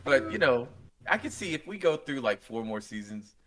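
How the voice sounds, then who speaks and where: A man's voice: medium pitch, moderate pace. A young man co-hosting a podcast in casual chat, telling stories animatedly and acting out the scenes he retells. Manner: animated storytelling, acts out scenes with quoted voices. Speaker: podcast co-host.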